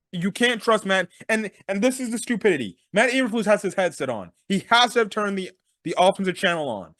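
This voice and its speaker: Male sports-talk host, high and very animated voice, exasperated ranting recap, dry close sound. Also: no room sound. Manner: fired-up, exasperated, repetitive rhetorical questions.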